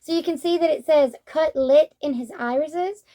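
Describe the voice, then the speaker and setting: Young woman, high voice, chatty, rambling, casual manga review. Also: fairly quick, warm tone.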